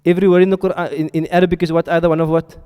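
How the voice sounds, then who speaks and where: A man's voice: on the high side, level tone, very fast, smooth, dull audio. A man teaching a classroom lesson, often stopping to ask his students questions and check they are following. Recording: reverberant hall sound.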